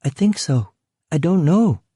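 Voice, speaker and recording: A terrified pregnant young woman, voiced by a male narrator in an audiobook. She speaks in halting, panicked phrases, pitched well above his usual voice. The recording is close and dry. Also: lively intonation, dark tone, husky, no room sound. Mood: frightened.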